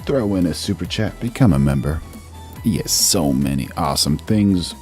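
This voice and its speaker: A man's voice: sits low, lively intonation, normal speed, darkish tone, soft background music. A man hosting a live stream, giving casual news commentary, reading chat aloud and calling everyone "bro". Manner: laid-back, calls everyone "bro", reads chat aloud.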